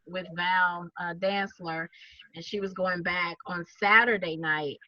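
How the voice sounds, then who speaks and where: Brief: Southern woman, bright forceful voice, chatty group-call storyteller, dull dry lo-fi audio. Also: lowish voice, no echo. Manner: animated storyteller, laughs often, acts out quotes. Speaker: network marketing speaker. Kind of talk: casual talk to a group on a video call. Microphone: video call.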